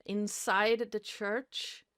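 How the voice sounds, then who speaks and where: Woman gm narrating slow w lots of uhs, clean smooth voice, dry close sound. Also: medium pitch, level tone, a bit bright, dry recording. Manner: slow, hesitant narration with many fillers. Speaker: game master. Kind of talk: narrating a tabletop horror game.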